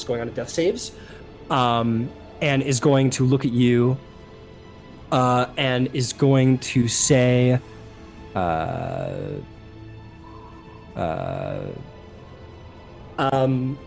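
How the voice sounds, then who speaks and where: A man's voice: medium pitch, fairly even intonation, unhurried, darkish tone, soft background music. Male game master, loose casual narration full of fillers. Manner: casual, rambling, many fillers.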